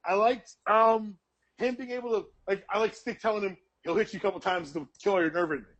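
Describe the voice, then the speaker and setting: A man's voice: high-pitched, fast talker, a bit bright, highs cut off. A man co-hosting a casual podcast chat about a TV show, tossing in wry, joking asides. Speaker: podcast co-host.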